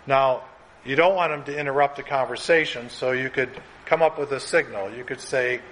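A man teaching a class in an earnest, conversational way, sometimes quickening as he acts out examples. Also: mid-range voice, fairly even intonation, fairly bright tone, slight background noise, poor audio. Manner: earnest, conversational, speeds up when acting out examples.

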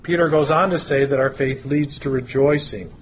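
A man preaching a sermon, teaching through a Bible passage in a measured way with pauses and stressed words. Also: medium pitch, steady tone, slight background noise.

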